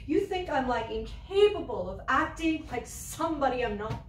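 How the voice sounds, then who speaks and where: An actress gives voice to a hot-tempered young ex-waitress who refuses to be pushed around. Her outbursts are profane and confrontational, the pitch riding high and swinging wildly. The recording sounds roomy and distant, as if the mic sits well back from her. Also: animated, moderate pace, slight background noise. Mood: indignant. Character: fiery young woman, ex-waitress, quick-tempered and defiant. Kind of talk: theatre monologue.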